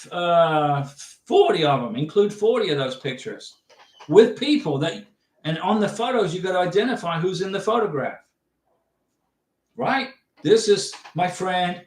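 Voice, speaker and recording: A middle-aged man hosting a livestream, casually giving visa advice and reading out viewer questions in a chatty, reassuring way. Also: fairly high pitch. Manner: chatty, repeats and restarts, reassuring. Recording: echoey room.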